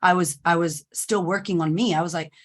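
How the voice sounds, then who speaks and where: A woman guest on a podcast, telling her story in a candid, animated conversational way. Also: fairly low pitch, fairly quick. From United States. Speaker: podcast guest, confidence coach. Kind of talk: conversational interview.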